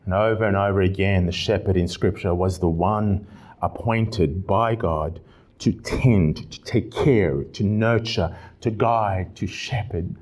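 A man pastor preaching an expository sermon with animated delivery and repeated emphatic phrases. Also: low voice, unhurried.

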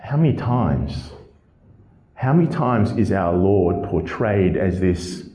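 A male pastor preaching a passionate sermon, his voice swinging from low, measured reading to high, emphatic outbursts. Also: warm tone, roomy sound, a little hiss or hum, low-quality recording.

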